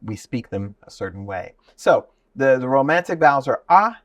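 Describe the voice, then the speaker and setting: Man, voice teacher, enthusiastic explainer, mid pitch, dry sound, a bit off mic. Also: big pitch swings, moderate pace, dry recording, recorded from a distance. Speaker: voice teacher and guest. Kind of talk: explanatory interview talk.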